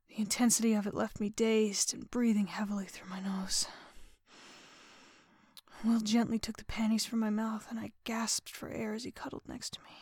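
A woman narrating a first-person erotic audio story in a breathy, often whispered, panting delivery. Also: on the high side, darkish tone, no room sound, clean studio sound.

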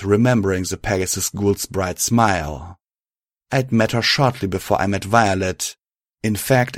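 Man reading fan fiction aloud, low voice, dry close sound, steady storytelling. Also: no echo. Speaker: narrator.

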